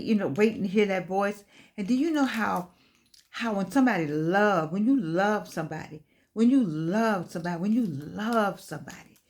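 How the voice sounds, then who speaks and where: An older woman gives an inspirational talk with the rhythm of a preacher. She repeats key phrases and tells stories with animated energy. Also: on the low side. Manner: animated preacher-like storytelling with repetition. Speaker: host.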